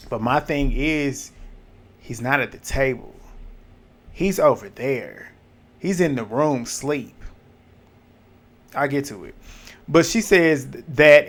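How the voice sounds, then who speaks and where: Man giving a blunt, animated recap. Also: mid-range voice. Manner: animated and blunt, swears, laughs, repeats reactions. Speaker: reality TV recap YouTuber. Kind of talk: casual recap commentary.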